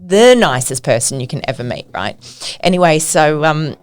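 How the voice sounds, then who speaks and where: A woman's voice: low voice, animated, normal speed. A middle-aged woman, a podcast guest, telling stories in casual conversation and often laughing as she talks.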